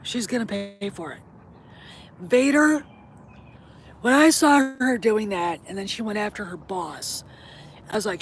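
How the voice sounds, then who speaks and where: A woman's voice: mid-range voice, lively intonation, normal speed, creaky, pauses often, slight background noise. A middle-aged woman chatting casually to her viewers, blunt and opinionated, swearing freely. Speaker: host. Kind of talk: casual vlog chat.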